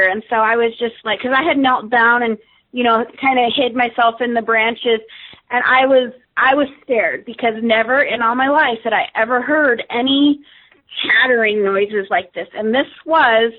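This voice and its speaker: A woman, a radio guest, telling a story casually with many fillers and restarts. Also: fairly high pitch. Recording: tinny phone line.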